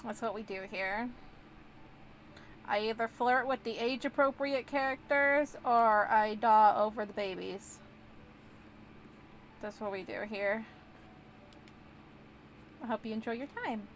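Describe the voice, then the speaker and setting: Bubbly young female streamer, slightly high voice, giggly and easygoing. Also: fairly even intonation, unhurried, pauses often, a little hiss or hum. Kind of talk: casual gameplay chat.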